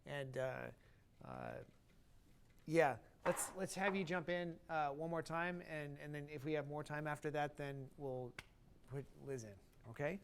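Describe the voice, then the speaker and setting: A man's voice: fairly high pitch, fairly even intonation, a little slow, a little hiss or hum. A man teaching a brass master class, singing rhythms aloud on syllables to show phrasing. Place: concert hall stage.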